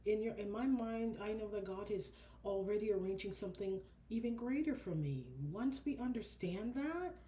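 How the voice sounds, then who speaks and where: A woman doing a casual spiritual card reading who talks in an animated, chatty way and calls her listeners baby and honey. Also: medium pitch, normal speed, hardly any pauses, slight background noise. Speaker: oracle card reader.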